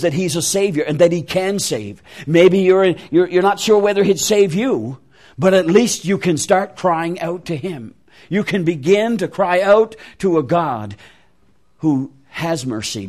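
A man's voice: on the high side, a little mellow. A man preaching an interactive sermon, making emphatic, repeated appeals to his listeners.

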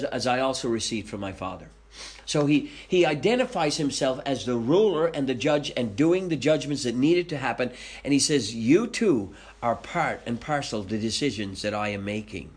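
A man leading a Bible study, reading scripture aloud and explaining it conversationally, with questions to his listeners. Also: medium pitch. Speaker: Bible teacher.

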